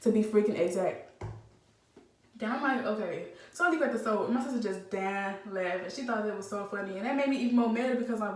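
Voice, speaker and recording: A young woman telling a casual storytime vlog, animated and slangy with lots of fillers. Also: medium pitch, fairly quick. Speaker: vlogger. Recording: roomy, slightly distant phone mic.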